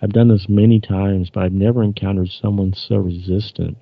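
A man reading as a patient, menacing male alien, low gravelly voice, quiet flat delivery, dry muffled recording. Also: normal speed, no echo. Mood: coaxing.

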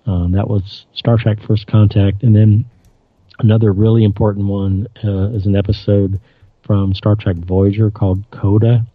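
A man's voice: fairly low pitch, no room sound. A man casually recapping TV episodes, hesitant and reading dialogue aloud. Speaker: presenter recounting TV episodes. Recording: dull lo-fi dry recording.

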